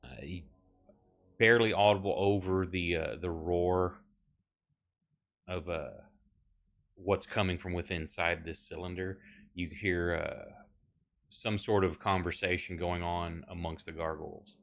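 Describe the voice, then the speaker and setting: This man has a very low voice and runs the tabletop game as game master. He talks in a halting way, with frequent filler pauses, as he counts moves and narrates the scene. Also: fairly even intonation, a bit bright.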